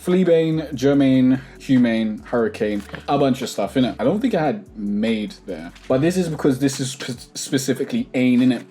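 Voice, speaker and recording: Male rap tutor, laid-back and chatty, warm low-key voice. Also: animated. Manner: chatty, reads word lists aloud rapidly, tags lines with "innit". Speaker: music producer and rap songwriting tutor. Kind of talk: casual tutorial with sponsor plug.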